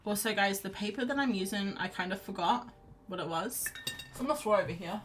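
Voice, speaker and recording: A woman's voice: mid-range voice, fairly quick, noisy background. A woman hosting a casual live painting chat, chatty and self-deprecating, laughing often. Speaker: art livestream host.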